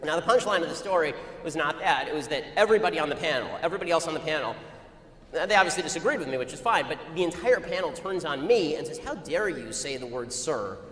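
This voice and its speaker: Fast-talking man in an echoing hall. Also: fairly high pitch, animated, a bit bright. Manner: rapid-fire, argumentative storytelling. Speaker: speaker addressing an audience. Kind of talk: anecdotal public talk. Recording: echoey hall with long reverb, faint ambient noise.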